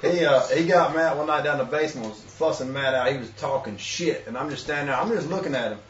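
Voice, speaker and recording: A man with a Southern US accent in casual chat, chiming in with quick agreement and crude banter. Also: mid-range voice, a bit bright, slight background noise. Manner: quick backchannels, profane banter. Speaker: webshow co-host. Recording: echoey, lo-fi room mic from a distance.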